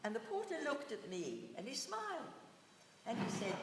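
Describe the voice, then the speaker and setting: An older woman giving a personal testimony talk in a synagogue, with measured, gentle, reflective storytelling. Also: a little high, wildly swooping pitch, very noisy. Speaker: guest speaker. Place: synagogue hall. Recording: echoey hall, voice from far off.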